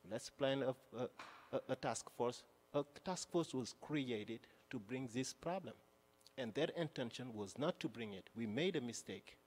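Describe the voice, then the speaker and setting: A man's voice: medium pitch, animated, unhurried. Accented man speaking with emphasis in a council chamber. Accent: non-native English. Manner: emphatic, repeats and restarts phrases. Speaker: city councilor. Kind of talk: impassioned council floor speech. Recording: long reverb of a council chamber.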